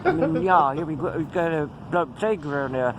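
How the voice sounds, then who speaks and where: A man's voice: fairly high pitch, lively intonation, moderate pace, noisy background. An American man putting on a wavering Irish accent, rambling hesitantly.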